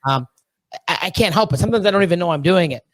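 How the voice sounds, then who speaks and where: A man in his thirties from Canada chats as a podcast guest in a slightly high voice. He is excitable and rambling, peppering his talk with swearing, fillers and restarts. The sound is close and dry. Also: fast talker, no room sound. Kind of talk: casual chat.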